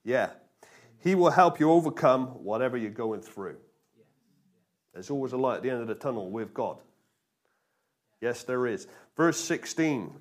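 A pastor preaches to his congregation with energy, pressing them for answers and leaning hard on repeated phrases. His voice sits at an ordinary middle pitch for a man. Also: normal speed, long pauses. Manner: energetic, call-and-response with congregation, emphatic repetition. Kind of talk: sermon.

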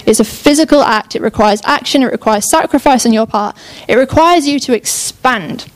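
At a moderate pace and fairly high pitch, a young woman delivers a sermon. She speaks with enthusiasm in a chatty style, often cutting herself short and starting over.

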